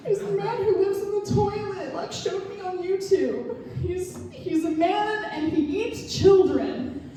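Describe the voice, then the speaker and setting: A woman voicing a frightened, tearful five-year-old boy in a high childish whine, heard on a roomy club mic from a distance. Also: unhurried, warm tone.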